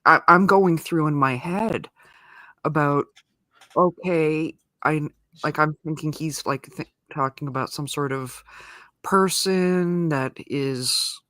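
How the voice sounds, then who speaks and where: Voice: mid-range voice, takes it slowly, sharp tone, dry recording. A co-host chatting loosely on a livestream. The speech rambles, doubling back and restarting mid-thought. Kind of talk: casual chat.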